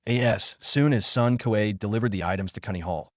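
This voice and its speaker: A man reading a fantasy story aloud in an even, steady narration, lifting his voice slightly for the characters. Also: lowish voice, normal speed, no echo, studio quality.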